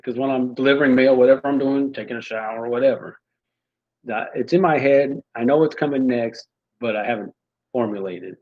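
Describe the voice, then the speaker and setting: A man thinking aloud while he writes and rehearses rap lines, chanting them over and over and then musing quietly to himself. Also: fairly high pitch, husky, highs cut off. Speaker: amateur rapper writing lyrics.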